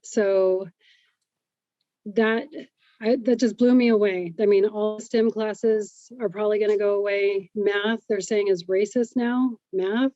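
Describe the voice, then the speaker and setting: A woman's voice: medium pitch, steady tone, measured pace, warm tone, dry recording, dull audio. A woman co-hosting a casual podcast, rambling a little and laughing easily. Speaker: podcast co-host. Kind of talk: casual chat.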